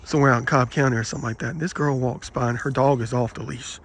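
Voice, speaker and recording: A man vlogging, telling rambling personal anecdotes in an aggrieved, animated way and quoting the people in them. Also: medium pitch, quick pace, a little hiss or hum. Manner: aggrieved, animated retelling with quoted dialogue.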